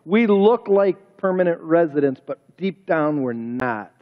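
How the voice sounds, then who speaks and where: A man's voice: fairly high pitch, expressive, measured pace. A man preaching a sermon as pastor, talking emphatically and firing off rhetorical questions, recorded in a church sanctuary. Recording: reverberant hall, dull lo-fi sound.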